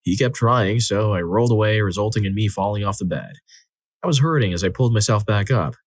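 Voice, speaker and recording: A man's voice: lowish voice, brisk, husky, no room sound, clean studio sound. A man reading out relationship stories as a narrator, lifting his voice for the quoted lines. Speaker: story narrator. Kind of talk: scripted narration of reader-submitted stories.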